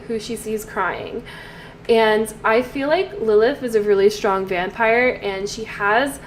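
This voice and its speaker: A woman's voice: a little high, a little hiss or hum. A woman giving casual commentary over a life-sim game, chatty and storytelling, with trailing fillers. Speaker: let's play host.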